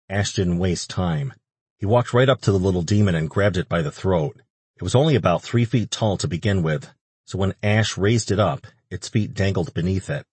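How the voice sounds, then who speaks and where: A man reading an audiobook in steady, even scripted narration, recorded close on a studio mic. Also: low voice, breathy edge, no room sound.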